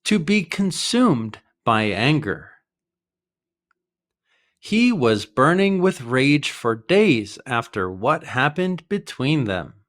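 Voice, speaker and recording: An American man teaching English idioms in a clear, deliberate way, with short acted example dialogues. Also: medium pitch, very animated, fairly bright tone. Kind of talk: vocabulary lesson with acted dialogues.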